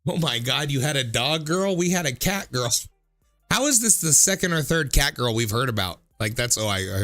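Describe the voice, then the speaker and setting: A man's voice: medium pitch, animated, moderate pace, sharp tone, faint music behind. A man in his thirties, a streamer reading out viewer comments in a casual, jokey way, swearing freely and often laughing.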